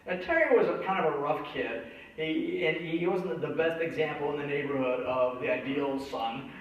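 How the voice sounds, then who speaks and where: A man's voice: on the high side, moderate pace. A man preaching a sermon, telling a childhood story and acting out the voices in it. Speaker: pastor. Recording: echoey church hall from a distance, dull sound.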